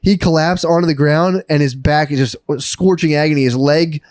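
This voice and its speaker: A man's voice: a little high, fairly even intonation, normal speed, no room sound, studio quality. A man co-hosting a podcast, telling a rambling story in casual chat, with heavy swearing and laughing as he goes. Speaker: podcast co-host.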